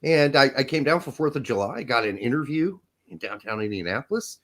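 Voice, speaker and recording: Lively, joking young podcast host guy. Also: medium pitch, brisk. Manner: energetic, rambling and jokey, laughing often. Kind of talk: casual chat.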